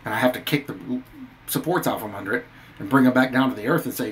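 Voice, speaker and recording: A man's voice: medium pitch, fast talker, a crowd in the background, poor audio. A man giving an earnest, preachy commentary on scripture, reading verses aloud and stressing his points. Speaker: Christian video commentator. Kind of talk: earnest scripture-based rant.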